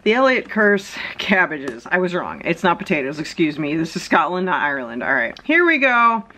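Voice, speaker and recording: A woman's voice: fairly low pitch, sing-song, normal speed, bright, forceful tone, slight background noise, rough recording. A woman vlogger giving casual, rambling commentary full of chatty asides and fillers.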